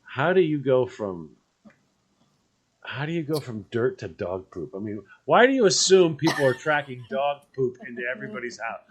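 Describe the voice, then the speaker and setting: A man's voice: mid-range voice, lively intonation, normal speed, breathy edge. A man co-hosting a talk show in casual chat, playfully teasing his co-host.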